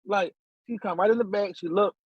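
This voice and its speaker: Man, guest storyteller, husky higher voice, dull dry lo-fi sound, animated delivery. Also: fairly quick, no echo. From Philadelphia. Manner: animated, acts out quotes with big pitch jumps. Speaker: podcast guest. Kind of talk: casual storytelling.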